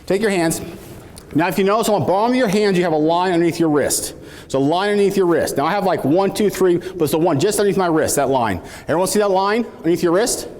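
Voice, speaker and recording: A man's voice: high-pitched, fast talker. A man giving a motivational keynote speech, telling a story with energy and calling out to the audience. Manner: animated storytelling with audience call-outs. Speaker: keynote speaker. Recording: reverberant hall.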